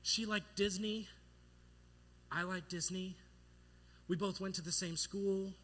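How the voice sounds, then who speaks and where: A young man preaching a sermon as pastor, telling a childhood story with playful, animated delivery and acting out the voices in it. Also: sits high, slow pace. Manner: animated, playful, acts out voices in his stories.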